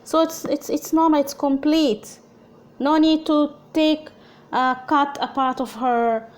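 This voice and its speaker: A woman's voice: high-pitched, a little mellow. A woman with an Arabic accent teaching a language lesson, speaking patiently and repeating sounds for learners to copy.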